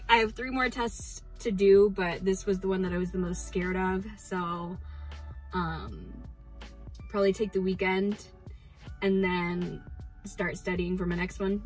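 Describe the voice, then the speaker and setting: Chatty young woman vlogging, excitable. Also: medium pitch, low-quality recording. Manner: excitable and chatty, with many fillers and restarts. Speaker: teacher vlogger. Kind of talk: casual vlog chat.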